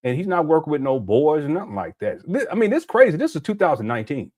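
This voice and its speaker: A man riffing through a casual reaction commentary in a lively voice that climbs and drops a long way. He laughs often and throws out incredulous rhetorical questions, a little high for a man. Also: quick pace. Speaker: commentary host.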